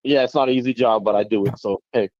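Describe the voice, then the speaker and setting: A man's voice: mid-range voice, steady tone, quick pace, darkish tone, no echo. A man calling into a sports show, polite and hesitant with many fillers. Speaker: caller, teacher. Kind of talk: call-in opinion. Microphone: phone line. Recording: dull phone-line audio.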